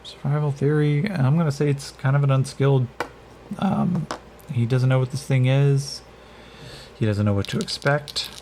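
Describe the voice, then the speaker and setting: A man narrating a solo tabletop game as game master, in an unhurried, hesitant way with many pauses. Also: mid-range voice, darkish tone, a little hiss or hum.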